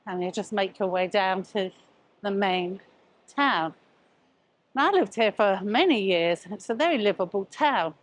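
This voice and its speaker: This older travel vlogger, a woman, narrates her walking tour of a town street at a measured pace with medium pitch and lively intonation. Chatty and a touch out of breath, she points things out as she walks.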